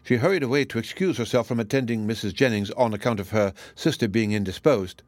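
A man's voice: fairly low pitch, fast talker, no room sound. Man narrating a classic novel, dry sound. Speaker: audiobook narrator.

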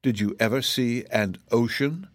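A man voicing an earnest little girl in a storybook, speaking gravely and plainly. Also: medium pitch, moderate pace, dry recording, clean studio sound, natural voice. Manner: grave, explaining.

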